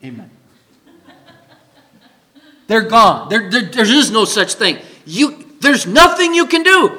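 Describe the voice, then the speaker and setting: A man's voice: extremely high pitch, lively intonation, measured pace, bright, forceful tone. A man preaching a sermon as pastor, emphatic, putting questions to the congregation.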